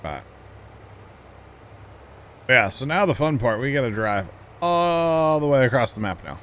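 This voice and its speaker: A man's voice: mid-range voice, animated, unhurried, fairly bright tone, a little hiss or hum. A man streaming a farming game live, chatting casually and easygoing with his chat and fellow players. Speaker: livestreamer.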